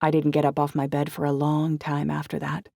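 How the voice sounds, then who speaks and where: An audiobook narrator reading a first-person novel in a reflective, even storytelling manner. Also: medium pitch, a little fast, vocal fry, no room sound, clean studio sound.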